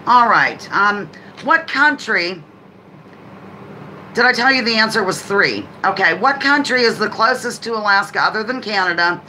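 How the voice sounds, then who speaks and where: A woman hosting a live trivia game on a stream, chatting casually, greeting viewers by name and reading each question out slowly. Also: mid-range voice, expressive, sharp tone, slight background noise, low-quality recording. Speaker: livestream host.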